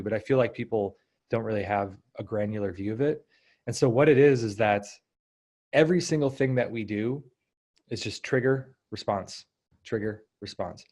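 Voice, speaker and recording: A man in his thirties, a guest coach in a casual interview, explaining ideas and acting out inner thoughts in lively asides. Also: fairly low pitch. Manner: animated, acts out inner voices.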